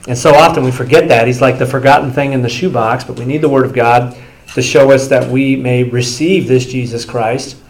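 A man's voice: mid-range voice, low-quality recording. A man preaching a sermon, who opens with a loose, conversational story and acts out the voices of the people in it. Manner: animated storytelling, acts out quoted speakers. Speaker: pastor.

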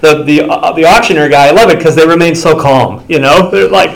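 A man's voice: fairly high pitch, brisk, creaky, low-quality recording. A man preaching a sermon, who opens with a loose, conversational story and acts out the voices of the people in it. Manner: animated storytelling, acts out quoted speakers. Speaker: pastor.

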